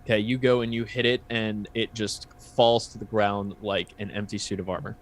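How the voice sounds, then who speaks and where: A man's voice: lowish voice, flat delivery, moderate pace. A man running a tabletop game as game master, narrating in a loose, conversational way with many fillers.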